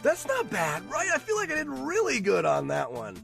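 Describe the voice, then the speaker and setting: A man's voice: very high-pitched, huge pitch swings, normal speed, vocal fry, music in the background. A man streaming a game and commenting casually, rambling and self-mocking, often laughing and swearing. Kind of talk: casual live gameplay commentary.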